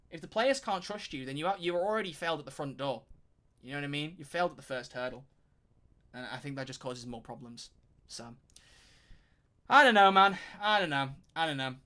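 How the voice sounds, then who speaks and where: A man streaming live, talking in casual commentary with animated, rambling energy and frequent swearing. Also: high-pitched.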